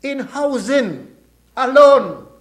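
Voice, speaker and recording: This time the Saint Kitts and Nevis minister talks extremely slowly in an extremely high, expressive voice. Giving his budget address in a Kittitian accent, he teases and jokes with fellow members, his folksy words bouncing around the roomy chamber.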